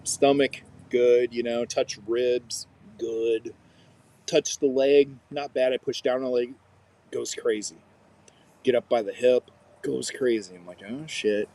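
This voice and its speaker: A man in his thirties, co-hosting a podcast, animatedly recounts a story in casual talk and acts out what people said. He has a mid-range voice and a measured pace.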